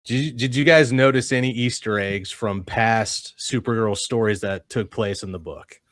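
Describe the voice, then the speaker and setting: A man's voice: fairly low pitch, moderate pace, fairly bright tone. A man hosting a casual comic-book discussion who argues his points and teases his friends. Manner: argumentative, teasing. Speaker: podcast host.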